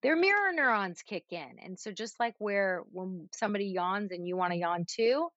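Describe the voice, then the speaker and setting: Woman guest coach, lively advice-giver, audible sighs; lo-fi dry recording. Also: medium pitch, moderate pace, no echo. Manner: animated, sighs and breathes audibly to demonstrate. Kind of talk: casual advice chat.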